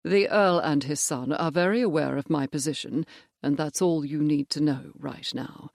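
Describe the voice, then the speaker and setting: A narrator voicing a firm cavalry major. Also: male voice, fairly high pitch, normal speed, creaky, no echo, studio quality. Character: stern male cavalry major, married. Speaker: character in an audiobook. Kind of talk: audiobook character voice.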